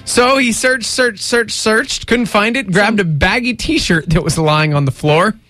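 A man's voice: sits high, unhurried, bright, forceful tone, dry recording, soft background music. A man co-hosting a casual morning radio show, jokey and playful, often slipping into silly voices.

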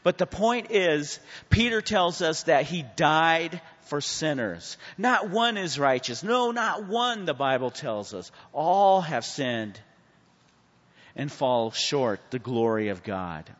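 A man's voice: on the high side, lively intonation, slow pace. Man preaching in an echoey hall. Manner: preaching with sudden swings from hushed to loud; asks the class questions and calls on people. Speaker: Bible class teacher. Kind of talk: Bible study sermon. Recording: muffled sound with a long hall reverb.

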